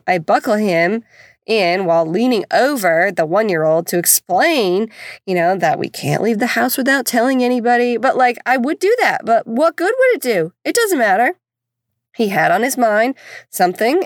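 A woman's voice: medium pitch, no echo. A woman, casually telling stories about her kids, chatty and exasperated, with self-deprecating humor. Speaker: podcast host and mother of four. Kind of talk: casual storytelling monologue.

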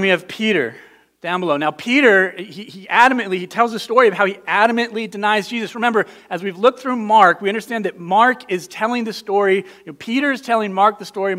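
A man with a notably high voice preaches in a relaxed, conversational way. He is earnest and emphatic, stumbling over and repeating words as he presses his points. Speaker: pastor. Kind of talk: conversational sermon.

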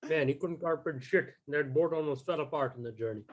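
Guy doing a chill bro with an indian english accent, slightly high voice, deadpan jokey. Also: brisk, close to an everyday voice. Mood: storytelling. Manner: easygoing, calls everyone bro, deadpan jokes. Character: laid-back bro-talking male traveler Jay. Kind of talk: improvised comedy role-play.

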